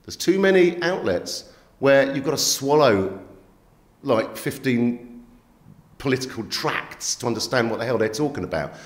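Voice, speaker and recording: The recording, made in an echoey room, captures a magazine editor with a mid-range voice talking at normal speed. He's animated and streetwise, telling stories emphatically in an interview and frequently tossing in "yeah?" and "right?".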